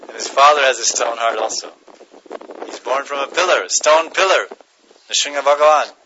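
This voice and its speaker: A man's voice: medium pitch, normal speed, bright, forceful tone, highs cut off, slight background noise. A man giving a devotional class, chanting verses, translating them and chuckling as he tells stories. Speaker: spiritual teacher.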